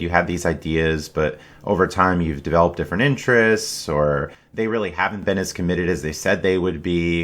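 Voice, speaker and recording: Male podcast host, very low voice, easygoing and chatty. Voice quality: relaxed, uses fillers like "you know" and "like". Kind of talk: casual podcast talk.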